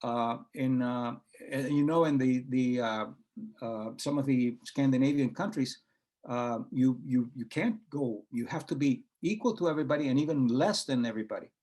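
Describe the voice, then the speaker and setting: Hesitating and restarting frequently, a man appearing as a guest author and researcher shares anecdotes in an interview and performs the quoted lines. His mid-range voice has a darkish tone and a normal pace.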